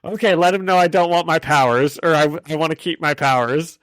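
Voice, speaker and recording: A man's voice: on the high side, fairly even intonation, brisk, fairly bright tone, dry recording. A man co-hosting a casual comic-book podcast, recapping the story and laughing often. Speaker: podcast co-host.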